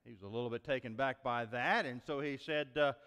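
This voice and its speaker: A man preaching a sermon as pastor, telling a story in a folksy, animated way with many restarts. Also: medium pitch, brisk, smooth. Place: church sanctuary. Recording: long reverb of a church sanctuary.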